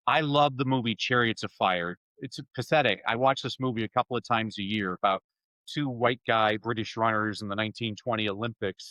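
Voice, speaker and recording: A man talking on a podcast with a bright, forceful voice, full of enthusiasm and quick jokes. He tells stories with lively energy. The sound is dry and close, with no room echo. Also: mid-range voice. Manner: enthusiastic, jokey, animated storytelling. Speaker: guest speaker and author. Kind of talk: energetic conversational interview.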